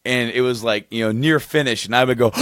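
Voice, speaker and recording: A man co-hosting a casual podcast, rambling through a funny story, laughing often and getting excited as he goes. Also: mid-range voice, fast, clear, resonant tone, dry recording, studio quality. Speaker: podcast co-host. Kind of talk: casual chat, telling a story.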